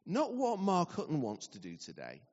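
A man giving a sermon, telling a story with lively acted-out dialogue. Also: on the high side, moderate pace. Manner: animated storytelling, acting out dialogue. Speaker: preacher. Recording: dull recording in a large reverberant hall.

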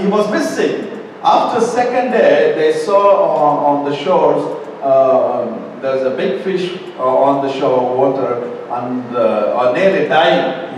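A man preaching a sermon, slow and emphatic, acting out quotes in a raised voice. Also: a little high, darkish tone, slight background noise. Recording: echoey hall, mic far off, faint ambience.

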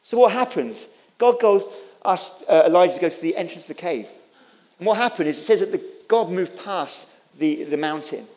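A man's voice: sits high, animated, moderate pace, darkish tone. A man preaching a sermon, impassioned and repetitive, stumbling over restarts as he builds his points. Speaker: pastor.

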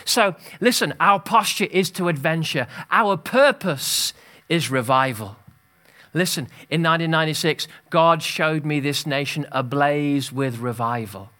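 A man preaching a sermon as pastor, energetic and exhorting, calling out to the congregation. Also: a little high, a little slow. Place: church hall.

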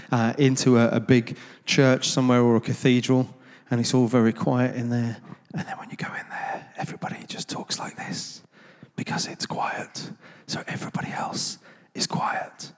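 A man's voice: medium pitch, a little mellow. A man tells anecdotes to a gathered audience in a loose, conversational way, full of ums and self-deprecating asides. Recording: long reverb of a large hall.

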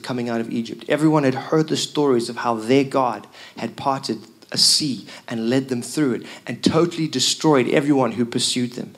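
A man preaching a sermon as pastor, telling the story with emphatic repeated lines. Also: mid-range voice.

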